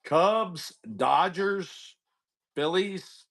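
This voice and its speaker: A man's voice: high-pitched, very slow, fairly bright tone. A talkative man runs a live card break, greeting viewers by name as he goes. He drifts between rundowns of teams and rambling stories full of asides. His delivery is loose and conversational. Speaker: card break livestream host. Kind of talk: casual livestream chat.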